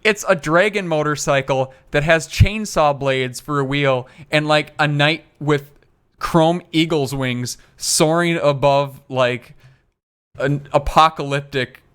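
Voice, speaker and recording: A man's voice: a little high, slow, a bit bright, clean tone. Giggly, rambling male podcast co-host. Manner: laughs often, rambling with many fillers. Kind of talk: casual podcast chat.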